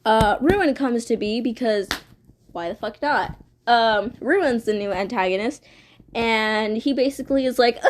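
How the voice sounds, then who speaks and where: Woman streamer rambling thru a story, swears a lot, slow and kinda high, dry mic. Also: no room sound. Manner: rambling, swearing, lots of fillers. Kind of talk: casual story recap.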